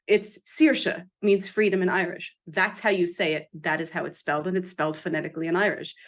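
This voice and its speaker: A woman with a lowish voice talks as a guest author on a casual podcast. She is animated, laughs easily and gets emphatic when correcting pronunciations.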